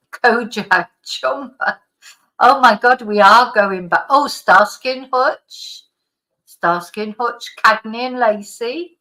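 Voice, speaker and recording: A woman's voice: fairly high pitch, takes it slowly, sharp tone. Middle-aged woman chatting on a live stream, rambly, lots of restarts, bit of a cough. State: slight lingering cough. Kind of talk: casual chat reading out viewer comments.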